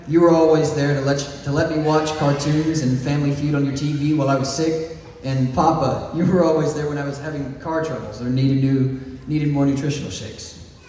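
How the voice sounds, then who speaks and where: Picked up at a distance in a big echoing gym or hall with faint background noise, this young man of about eighteen speaks at a medium pitch with a darkish tone. As valedictorian from East Texas, he delivers a sincere but playful graduation address, phrasing things slowly and deliberately between chuckles.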